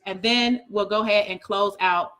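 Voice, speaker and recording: A woman's voice: mid-range voice, steady tone, normal speed, a bit bright. A woman trading coach wrapping up a live online class, upbeat and emphatic, often checking in with "okay?".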